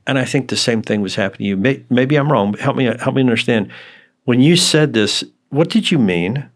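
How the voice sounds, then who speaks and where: A man chatting as a podcast guest, explaining in an animated, counsel-like way. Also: medium pitch, a little fast. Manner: animated, acts out quoted dialogue with laughs. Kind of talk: casual conversation.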